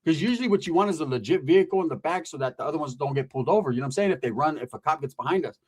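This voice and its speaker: A man telling a comedic story in an animated, profane, slangy way. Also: a little high, racing, slightly rough.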